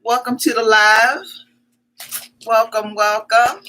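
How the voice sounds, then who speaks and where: Bright, chatty woman hosting a livestream. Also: fairly high pitch, steady tone, poor audio. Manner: chatty, repeats greetings and welcomes in quick strings; greets viewers by name as their comments arrive. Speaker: livestream host. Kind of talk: casual live-stream chat.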